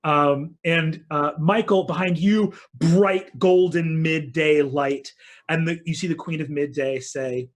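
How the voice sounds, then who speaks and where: A man narrating a tabletop game as dungeon master in a relaxed, meandering way with many fillers. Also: on the high side, takes it slowly.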